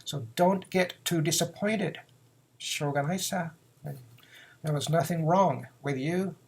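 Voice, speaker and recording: A man's voice: fairly high pitch, normal speed, breathy edge. A man, teaching phrases in a casual lesson, repeating words and acting out example lines. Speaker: Japanese teacher.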